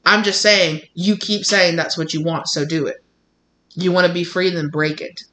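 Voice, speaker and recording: This tarot reading comes from a medium-pitched voice, steady and sharp at a normal speed, with slight background noise. The reader speaks straight to viewers, bluntly and emphatically, mimicking others, repeating herself, and swearing casually.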